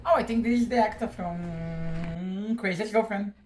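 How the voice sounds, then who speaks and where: A man's voice: high voice, normal speed, a little hiss or hum. A man hosting a reaction video, emotional and exclamatory, repeating himself as he reacts. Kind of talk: casual reaction commentary.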